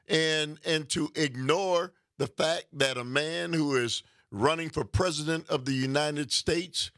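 A man's voice: fairly high pitch, gravelly, a bit bright, no echo, studio quality. A man hosting a call-in radio talk show, taking callers and arguing his points firmly. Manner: takes calls, argues back firmly.

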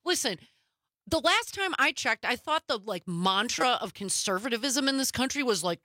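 A woman's voice: fairly high pitch, animated, normal speed, pushed and bright, no room sound, clean studio sound. A woman panelist on a political talk show, heated and emphatic.

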